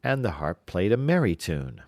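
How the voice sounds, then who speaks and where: A man with a very low voice narrates a fairy tale in an even, measured way. The recording is close and completely dry, with no room sound. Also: dry recording.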